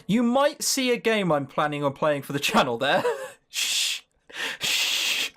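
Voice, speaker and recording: A man hosting a let's-play, giving casual game commentary in a sweary, sarcastic, animated way. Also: a little high, moderate pace.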